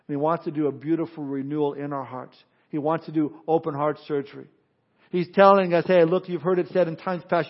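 Humorous stories and earnest warnings mix in this sermon from a pastor whose voice is somewhat high. The audio is lo-fi and dull, with muffled high frequencies.

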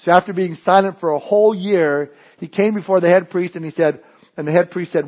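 A man's voice: high voice, a little fast, dull audio. A male pastor preaching a sermon in a conversational way, often restarting and adding asides.

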